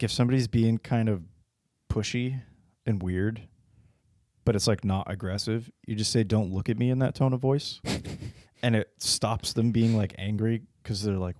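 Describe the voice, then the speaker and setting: A man's voice: lowish voice, darkish tone, no room sound, studio quality. A man co-hosting a podcast in casual chat, joking and swearing freely. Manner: joking, swears, laughs at own bits. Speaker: podcast co-host.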